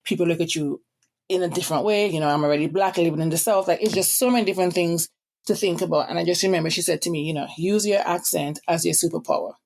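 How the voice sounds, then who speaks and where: A young Caribbean woman hosts her podcast in a low, gravelly voice. Her island accent comes through strongly, and she talks quickly, giving encouragement with frequent asides. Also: darkish tone. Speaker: podcast host. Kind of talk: motivational podcast monologue.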